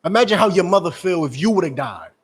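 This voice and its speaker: A man preaching in a forceful, scolding way, repeating his points. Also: high-pitched, big pitch swings, quick pace, slightly rough. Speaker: street preacher. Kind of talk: street-corner preaching.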